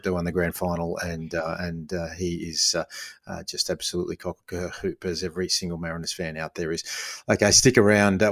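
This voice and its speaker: A man with an Australian accent hosting a podcast in casual chat, relaxed and calling people "mate". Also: low-pitched, no room sound. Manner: relaxed, says "mate" often. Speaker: podcast host.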